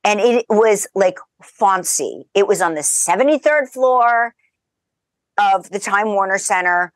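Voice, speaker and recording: A woman as a podcast guest, telling lively anecdotes in casual chat and laughing as she goes. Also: medium pitch, a little slow, dry recording. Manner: animated, chatty, laughs through her stories.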